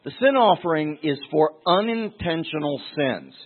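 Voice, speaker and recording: Male Bible teacher, verse by verse, emphatic with repeated words, slightly high voice, tinny phone-like recording. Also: animated, moderate pace.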